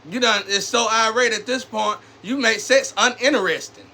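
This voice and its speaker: A man's voice: sits high, normal speed, pushed and bright. A man talking straight to camera in a loose, rambling monologue full of street slang, swinging from preachy scolding to personal storytelling.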